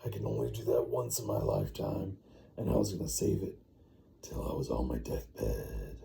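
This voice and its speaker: A man voicing a brash, grudging barbarian warrior in an improvised bedtime story, complaining in a drawn-out way. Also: deep voice, big pitch swings, vocal fry, dark tone, slight background noise, pitched below the performer's own voice, heavily acted. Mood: resentful.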